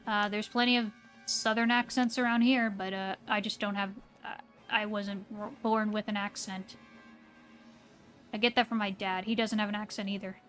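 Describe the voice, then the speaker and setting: With faint music in the background, a streamer plays a game and talks to her live audience in a rambling, hesitant way full of fillers. She's a woman from the American South with a standard American accent, and her medium-pitched voice is steady, fairly bright, and at normal speed.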